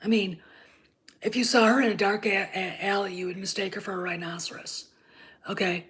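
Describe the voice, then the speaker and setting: A woman in her fifties hosting her own channel, ranting about a TV show, sarcastic and profane, often dropping into a hushed whisper and pressing her points with "okay?". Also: mid-range voice, steady tone, brisk. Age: 50s. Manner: emphatic, repeats "okay?" for emphasis. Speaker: channel host and TV critic. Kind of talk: ranting commentary.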